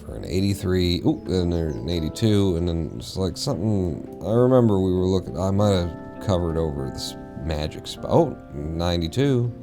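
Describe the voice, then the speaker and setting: A man's voice: sits low, lively intonation, moderate pace, few pauses, music in the background. A man streaming a game, rambling and swearing casually to himself as he plays. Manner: rambling, profane, mumbling to himself. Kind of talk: casual live-stream gameplay chatter.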